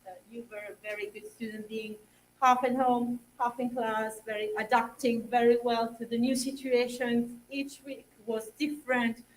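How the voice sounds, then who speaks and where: A woman's voice: fairly high pitch, slight background noise. A young woman teacher, close to tears, hesitantly thanks her students and colleagues. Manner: halting, many fillers, trails off. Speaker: young substitute English teacher. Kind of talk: emotional thank-you speech. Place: school assembly hall. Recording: distant mic in a hall.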